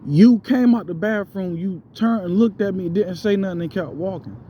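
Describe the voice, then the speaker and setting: A man's voice: high voice, moderate pace, muffled recording, noisy background, natural voice. A man voicing his frightened, insistent middle-aged mother in a retold story, with a pleading manner.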